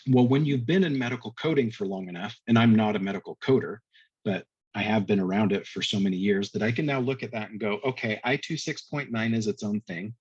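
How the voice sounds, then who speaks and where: A man's voice: fairly low pitch, a little fast, slightly rough, no room sound, lo-fi sound. A man on a virtual industry panel, explaining billing codes step by step in a conversational way over a video call. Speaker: medtech reimbursement panelist.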